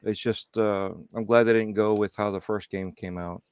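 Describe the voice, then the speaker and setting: Male panelist, lowish voice, hesitant, dry mic. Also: fairly even intonation, normal speed, a little mellow, clean tone, no echo. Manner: hesitant, stammering restarts. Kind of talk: casual chat.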